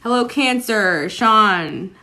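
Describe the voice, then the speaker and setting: A woman with an expressive mid-range voice speaks slowly while giving a casual tarot reading on a livestream. She chats with viewers and says "like" a lot, over very noisy audio.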